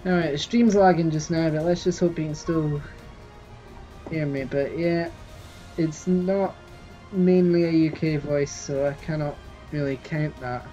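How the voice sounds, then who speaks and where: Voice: mid-range voice, fairly even intonation, measured pace, dark tone, highs cut off, faint music behind. A streamer chatting casually while playing a building game, reading and answering viewers in chat. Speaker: live-streamer. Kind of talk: casual gameplay live stream.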